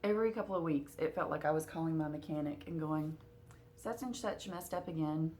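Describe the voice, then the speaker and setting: A woman's voice: sits low, fairly quick, darkish tone. A woman vlogger chatting casually to camera at home, with many fillers and a touch of hiccups. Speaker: cross-stitch vlogger.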